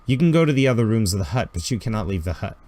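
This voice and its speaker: A man narrating a tabletop game as game master. His pitch swings widely as he talks, and he tosses in spoken sound effects. His delivery is lively and animated. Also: very fast.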